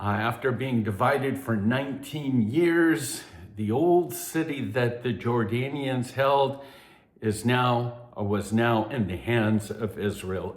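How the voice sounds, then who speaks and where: A man hosting a news commentary, measured and emphatic, dropping low and soft on key phrases. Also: roomy sound. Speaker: host of a news commentary update. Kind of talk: news commentary with scripture references.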